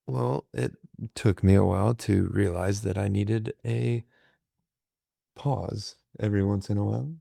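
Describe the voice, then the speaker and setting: A man's voice: lowish voice, little pitch movement, unhurried, creaky, dark tone, breathy edge, no echo. A man in a casual chat with his wife, asking her questions, with dry, understated humor and few words. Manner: dry, understated, reluctant talker. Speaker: guest interviewer, host's husband.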